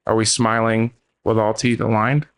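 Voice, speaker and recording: A man's voice: lowish voice, level tone, normal speed. A man hosting a podcast in casual chat, joking and swearing freely as he rants. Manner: profane, joking, ranting. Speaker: podcast host.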